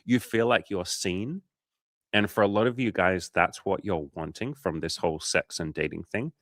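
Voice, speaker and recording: A man's voice: sits low, normal speed, a bit bright, no echo, clean studio sound. An Australian man, a dating coach, chatting casually on a livestream, swearing often and acting out little scenes.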